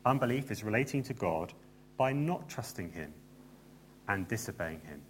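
A man's voice: lowish voice, expressive, moderate pace, slight background noise. A man preaching a sermon in a church, earnest and emphatic, with light asides to the congregation.

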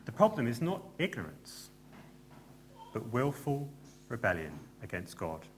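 A man's voice: mid-range voice, huge pitch swings, a little slow, slight background noise. A man preaching a sermon in a church, earnest and emphatic, with light asides to the congregation.

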